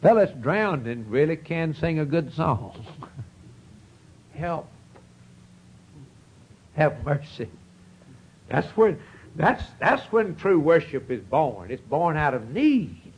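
A husky-voiced man with a drawl preaches to his congregation. He tells homespun stories in a folksy, earnest way and swells up in bursts of fervor. His tone is rough and breathy at the edges. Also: a little high, sing-song, measured pace, low-quality recording. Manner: folksy, earnest, storytelling preaching with rising outbursts. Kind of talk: sermon.

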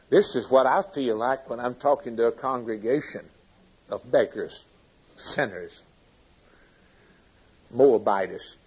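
A man preaching a sermon with fervent delivery, swinging from loud emphasis to hushed lines. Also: mid-range voice, slow pace, pauses often, slightly rough, poor audio.

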